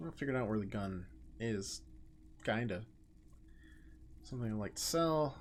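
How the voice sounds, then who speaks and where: A man's voice: lowish voice, lively intonation, moderate pace, pauses often. Playful man narrating a video game. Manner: playful, joking asides. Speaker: let's play host. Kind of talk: casual game commentary, reading dialogue aloud.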